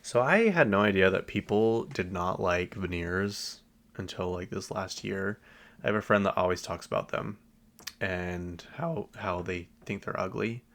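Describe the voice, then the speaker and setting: A man's voice: low voice, measured pace, a bit bright. A young man hosting a casual solo podcast, telling stories in a chatty way with frequent ums and likes. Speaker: podcast host.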